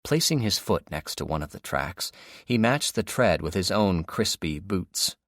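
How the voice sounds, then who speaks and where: A male audiobook narrator delivers a scripted reading in a low-pitched voice, going a little slowly with a steady, even style. The recording is dry and studio-clean.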